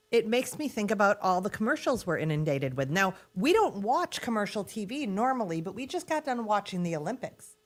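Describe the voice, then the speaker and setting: A woman co-hosting a podcast, chatting casually and laughing often. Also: mid-range voice. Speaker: podcast co-host.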